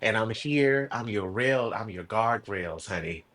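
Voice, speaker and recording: A man's voice: fairly low pitch, a little slow. A man who is a podcast guest, talking casually. He tells his stories with energy, swears freely, and speaks earnestly about how to live. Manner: animated storyteller, swears freely; earnest, preachy about life. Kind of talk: casual conversation.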